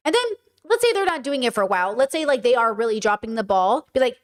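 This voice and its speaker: Lady podcaster going off on clips, high voice, hammers words over and over. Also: big pitch swings, fast. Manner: emphatic, repeats words for effect. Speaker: podcast host reacting to clips. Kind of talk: casual commentary.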